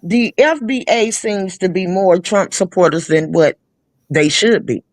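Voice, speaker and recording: A woman's voice: lowish voice, unhurried, no echo. Woman, blunt and cussing, dry close sound, opinionated live chat. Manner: blunt, profane, restarts mid-thought.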